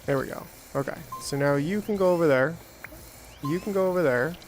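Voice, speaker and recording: A man's voice: fairly high pitch, brisk, faint music behind. Rambling, jokey man playing a game. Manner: rambling, self-talking, jokey with bursts of excitement. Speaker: gameplay streamer. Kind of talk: casual let's-play commentary.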